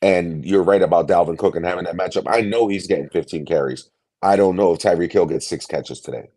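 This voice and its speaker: A man co-hosting a fantasy football show in easy, agreeable banter. His voice is very deep and mellow, low and warm in tone. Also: a little fast. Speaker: podcast co-host.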